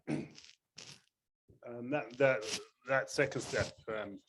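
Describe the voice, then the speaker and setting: A man attending a workshop, asking a question haltingly with many pauses and fillers. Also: medium pitch, a bit bright, slight background noise.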